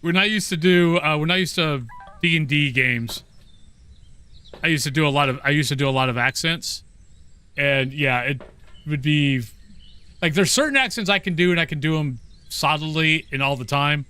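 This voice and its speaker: Male game streamer, bright slightly higher voice, relaxed chatty banter, self-deprecating. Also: moderate pace, pauses often, clear, resonant tone. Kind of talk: casual gameplay chat.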